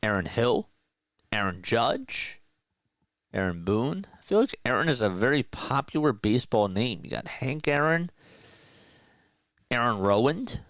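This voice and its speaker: A man doing relaxed play-by-play commentary for a stream, chatting with his viewers between pitches. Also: measured pace, long pauses, no room sound. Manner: casual, chatty, talks to viewers. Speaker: play-by-play host. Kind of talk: amateur play-by-play commentary with chat.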